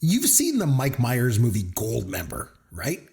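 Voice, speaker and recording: Animated, laughing Canadian man. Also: mid-range voice, measured pace, vocal fry. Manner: animated storyteller, laughs often. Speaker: podcast co-host. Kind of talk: casual chat.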